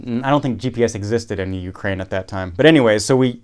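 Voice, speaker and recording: A man's voice: on the low side, quick pace, a little mellow, clean tone. Rambling man telling a travel story. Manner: rambling, self-correcting, wry. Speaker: podcast host. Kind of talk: casual storytelling.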